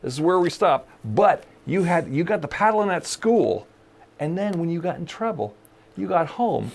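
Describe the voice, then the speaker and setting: A creaky, high voice at a moderate pace belongs to a man in his forties or fifties co-hosting a casual podcast chat. Laughing often, he tells animated stories and acts out whoever he's quoting.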